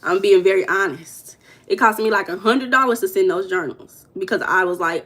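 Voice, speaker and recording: A woman's voice: mid-range voice, normal speed, few pauses, fairly bright tone. A woman hosting a casual livestream, chatting straight to her viewers and repeating herself as she goes. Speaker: livestream host.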